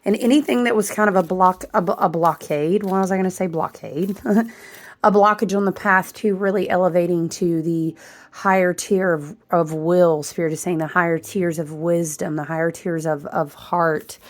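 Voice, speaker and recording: A woman's voice: on the low side, fairly even intonation, moderate pace. Rambling woman recovering from a chest cold. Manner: rambling, stream-of-consciousness, with many fillers and restarts. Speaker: astrology and tarot channel host. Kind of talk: casual spiritual monologue.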